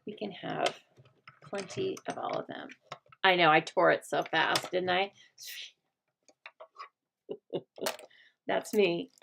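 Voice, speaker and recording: A middle-aged American woman hosting a casual crafting chat, talking aloud as she works and often dropping to a soft murmur. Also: lowish voice, measured pace, vocal fry, a little hiss or hum. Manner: chatty, thinks aloud, drops to a soft murmur while working. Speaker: craft host.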